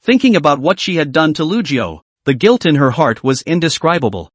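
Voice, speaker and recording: A man's voice: on the high side, animated, a little fast, few pauses, no echo. A man narrating a fantasy story recap in a dramatic reading style.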